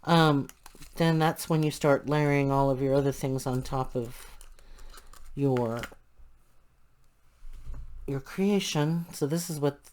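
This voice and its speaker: A woman's voice: rumbling low, slow pace, long pauses, a little mellow. An older woman chatting casually and thinking aloud as she works through a craft tutorial. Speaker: crafting channel host.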